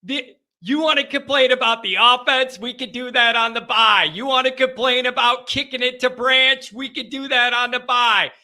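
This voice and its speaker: Call-in show host, man, high bright voice, repeats himself with feeling. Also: steady tone, moderate pace, few pauses. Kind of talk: postgame call-in show talk.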